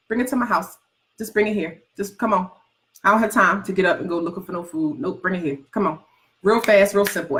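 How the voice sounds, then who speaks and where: Brief: woman coach, animated and teasing, preachy motivational talk with loud rhetorical questions. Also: mid-range voice. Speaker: writing and goals coach.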